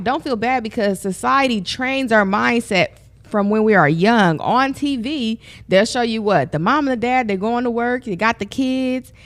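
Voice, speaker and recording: A woman host and business coach giving motivational talk, speaking straight to her listeners in an upbeat way. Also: on the high side. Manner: upbeat, addresses listeners directly, affirming interjections.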